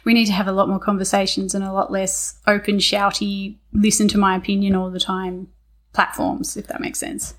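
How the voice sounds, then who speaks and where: A woman's voice: mid-range voice, monotone, normal speed. Chatty, agreeable woman co-host for a casual chat podcast; trips over her sentences and restarts.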